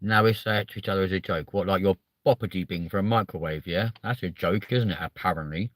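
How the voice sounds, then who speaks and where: A man's voice: deep voice, fast talker, no room sound. A man hosting a live stream, chatting casually, reading out the chat and swearing freely between lots of ums.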